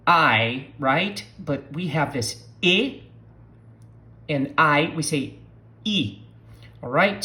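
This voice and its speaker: Slow, deliberate teacher. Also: medium pitch, fairly bright tone. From southern Brazil. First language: Portuguese. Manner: deliberate, models words for the listener to repeat. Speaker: language teacher. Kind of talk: language lesson.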